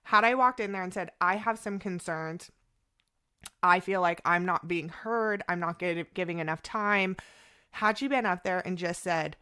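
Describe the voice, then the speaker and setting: Podcast guest, woman, thirties, bright voice, animated storyteller who quotes others in voices. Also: fairly low pitch, moderate pace, clear, resonant tone. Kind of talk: casual storytelling chat.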